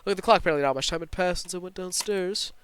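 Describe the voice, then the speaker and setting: A man's voice: sits high, racing, fairly bright tone, clear, resonant tone. A man reading a visual novel aloud as a streamer, narrating tense first-person scenes with occasional asides. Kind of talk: dramatic story narration with asides.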